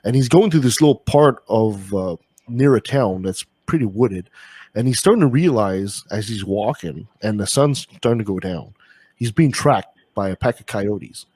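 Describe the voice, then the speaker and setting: A man hosting a podcast, telling stories in a casual, animated way, laughing as he goes. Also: on the low side, moderate pace, slightly rough, no echo. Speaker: podcast host. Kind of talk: casual chat.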